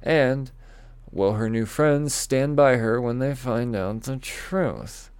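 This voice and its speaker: A man's voice: medium pitch, slow pace, darkish tone, clear, resonant tone, dry recording, clean studio sound. A man rambling casually through comic previews, stumbling over names, swearing and joking at his own expense. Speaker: comics vlogger.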